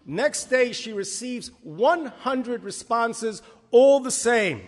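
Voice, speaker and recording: A rabbi giving a Torah class, an emphatic and lively storyteller who mixes jokes into his teaching. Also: very high voice, slow pace, hardly any pauses. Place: synagogue hall. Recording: long reverb of a large hall.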